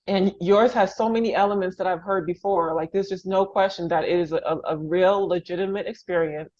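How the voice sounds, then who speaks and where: A woman's voice: lowish voice, steady tone, fairly quick, darkish tone. A woman from the Bronx hosts a podcast interview over a video call, gushing and laughing through her tears. Her sentences often restart and trail off. The recording sounds a little dull and lo-fi. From New York, the Bronx. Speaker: podcast host. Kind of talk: emotional interview conversation.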